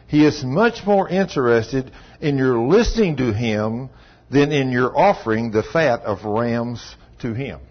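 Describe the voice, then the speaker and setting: A man's voice: medium pitch, lively intonation, unhurried. A man preaching an informal sermon to his congregation, in a folksy, rambling way. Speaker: pastor. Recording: dull lo-fi sermon recording.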